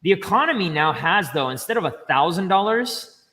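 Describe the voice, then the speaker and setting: A man explaining banking step by step in casual livestream chat, chatty and quick to laugh. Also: sits high, very animated, sharp tone, big-room sound. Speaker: finance educator guest.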